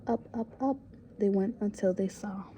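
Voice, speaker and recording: A woman reading a children's storybook aloud in a soft whispery voice. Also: medium pitch, normal speed, dull audio, a little hiss or hum. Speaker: storybook reader.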